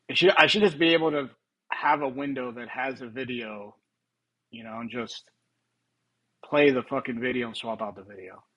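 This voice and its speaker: Casual male live stream host, bright voice. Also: medium pitch, a little slow, pauses often, dull audio. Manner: casual, laughing, swearing, thinking aloud.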